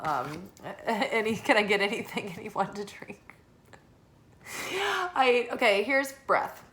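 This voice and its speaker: Bright, chatty woman reading tarot. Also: fairly high pitch, measured pace. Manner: chatty, many fillers, laughs easily. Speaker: tarot reader. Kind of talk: casual tarot reading with read-aloud passages.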